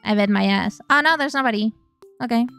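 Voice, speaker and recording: A woman's voice: on the high side, a little fast, creaky, fairly bright tone, clean tone, faint music behind. A woman streamer who speaks natively, chatting casually and playfully on a live stream, swearing freely as she goes.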